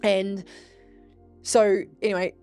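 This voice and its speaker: A woman hosting a podcast, telling spiritual stories in a casual, animated way, swearing freely and speaking straight to her listeners. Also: medium pitch, slow, faint music behind. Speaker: podcast host.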